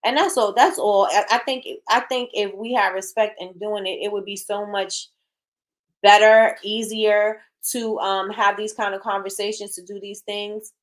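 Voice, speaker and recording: A woman's voice: mid-range voice, fairly even intonation, normal speed. Blunt, emphatic woman hosting a talk show. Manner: emphatic, repeats phrases for emphasis; frank and blunt. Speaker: host. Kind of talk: casual opinion talk, reading live chat.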